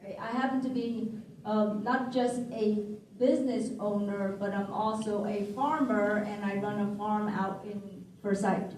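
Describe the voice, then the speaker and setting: A woman's voice: mid-range voice, fairly even intonation, a little slow, darkish tone, slight background noise. A woman giving a campaign speech at a candidate forum, talking emphatically and often checking in with "okay?". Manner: emphatic, keeps asking "okay?". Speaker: political candidate. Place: public forum hall. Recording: very echoey room, distant mic.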